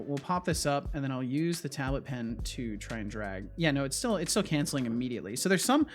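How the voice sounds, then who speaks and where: A man streaming as a game developer, chatting casually and thinking aloud with frequent restarts, easily startled. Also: mid-range voice. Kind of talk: casual live-coding chat.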